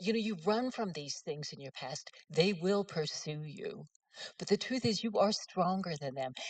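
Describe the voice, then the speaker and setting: A woman's voice: on the low side, no room sound. Woman, middle-aged, humorous storyteller, dry distant sound. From West Virginia. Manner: folksy, self-mocking storyteller. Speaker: author giving a talk.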